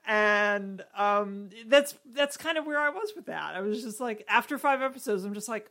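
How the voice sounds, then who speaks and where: Animated laughing woman podcast co-host. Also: mid-range voice, normal speed, hardly any pauses. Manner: animated, exasperated, laughs a lot. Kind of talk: casual chat.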